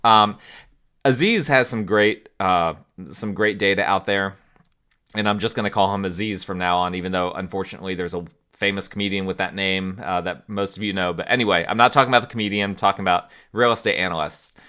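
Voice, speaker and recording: A man's voice: low voice, fairly even intonation, fairly quick, bright, forceful tone, clear, resonant tone. A man hosting a podcast, explaining at length in a conversational way and putting rhetorical questions to his listeners. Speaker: podcast host. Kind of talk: explanatory monologue.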